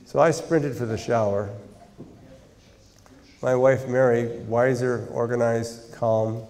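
Gravelly older man lecturing in a hall. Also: mid-range voice, fairly even intonation, dark tone. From United States. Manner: measured, with dry humor in anecdotes. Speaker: guest lecturer, scientist. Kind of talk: university lecture. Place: large university lecture hall.

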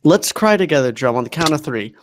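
A man's voice: on the high side, lively intonation, a little fast, a crowd in the background. A young man chatting casually with a friend while they play a game, whiny and playfully dramatic. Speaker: gaming co-player. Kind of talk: casual gaming chat.

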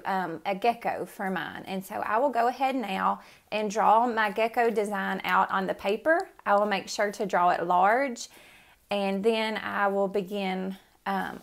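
A woman's voice: medium pitch, gravelly, a bit bright. A woman art teacher giving a casual step-by-step tutorial in her studio, talking loosely with lots of "um" and "like". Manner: casual, friendly, many fillers like "um" and "like".

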